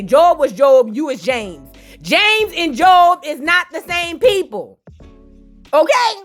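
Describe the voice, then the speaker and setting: A woman hosting a gossip reaction show, brash and animated, full of slang and cursing. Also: high voice.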